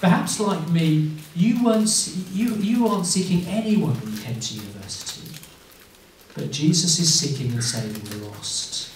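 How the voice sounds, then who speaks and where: English man, earnest student-mission preacher, slightly high voice, distant mic in a very echoey room. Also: lively intonation, moderate pace, a little hiss or hum. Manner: earnest, questioning, repeats words when restarting. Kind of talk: evangelistic talk. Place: university lunchtime event room.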